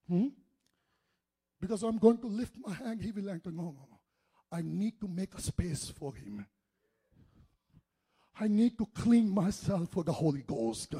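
A male preacher delivering an impassioned sermon, swinging between loud shouting and hushed, quiet speech. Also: high voice, husky.

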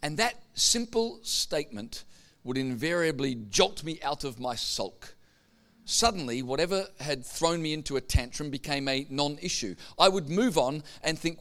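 A man's voice: fairly high pitch, animated, normal speed, fairly bright tone. A man preaching a sermon, telling stories and building up to emphatic points. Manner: storytelling, building to emphatic peaks. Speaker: pastor.

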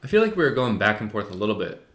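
A man's voice: lowish voice, very animated, racing, a bit bright, reverberant. A man co-hosting a podcast, chatting casually with a playful, teasing manner. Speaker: podcast co-host. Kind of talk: casual chat.

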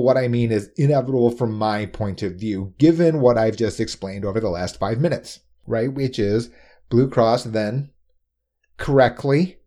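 A man explaining insurance pricing in a quick, emphatic talk, often tossing in rhetorical "right?" asides. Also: mid-range voice, mellow.

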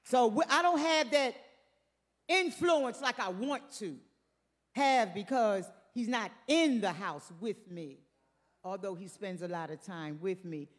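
A woman's voice: medium pitch, unhurried, big-room sound. An older woman preaching a sermon, emphatic, repeating her phrases and calling out to the congregation.

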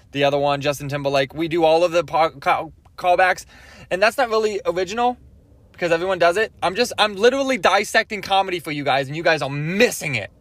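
Young male podcast host, fairly high voice, rambling and self-interrupting, dry booth sound. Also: a bit bright, no room sound. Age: 20s. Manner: rambling, self-interrupting, asks "okay?" often. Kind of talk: rambling comedic monologue.

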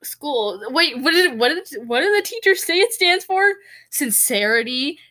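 A young woman cuts in with teasing jokes during casual podcast chat. Her pitch swings widely and sits a little high, which makes her sound bouncy and animated. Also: measured pace. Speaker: podcast co-host.

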